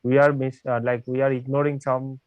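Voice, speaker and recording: A man speaks up as a student in an online class, at a middling pitch. He talks haltingly, with many "uh" and "like" fillers. His audio is dry and dull, like a lo-fi call. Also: level tone, dry recording. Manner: hesitant, full of "uh" and "like".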